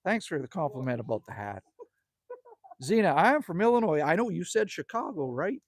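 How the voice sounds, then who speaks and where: A man's voice: a little high, big pitch swings, a little fast, no echo. A man, hosting a casual outdoor livestream and rambling in a friendly way while reading viewer comments. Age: 50s. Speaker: livestream host. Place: outdoors at a country cabin at sunset.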